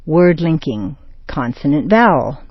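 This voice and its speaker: American lady doing a slow pronunciation lesson, pitch jumps all over, dry kinda dull sound. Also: big pitch swings, slightly rough, no room sound. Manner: slow, exaggerated, modeling words for repetition. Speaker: pronunciation teacher.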